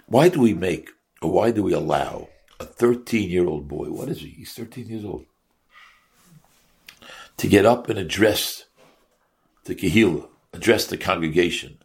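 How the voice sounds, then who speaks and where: Gravelly-voiced rabbi asking questions. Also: male voice, sits low, expressive, normal speed, pauses often. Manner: rhetorical, questioning, mixes Hebrew and Yiddish terms. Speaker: rabbi teaching a Torah class. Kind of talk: Torah class with questions to listeners.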